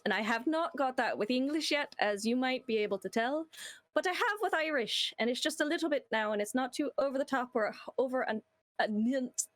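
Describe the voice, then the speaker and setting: A woman with a high voice chats at a tabletop game and laughs often. The sound is dry and close, with no room around it. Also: dry recording. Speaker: player. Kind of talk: casual chat at a gaming table.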